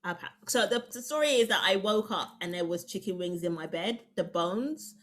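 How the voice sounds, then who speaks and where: A woman with a mid-pitched voice tells a comic story on a live panel. She keeps a casual tone and laughs through her own lines. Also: lively intonation, moderate pace, a bit bright. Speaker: comedian and panel guest.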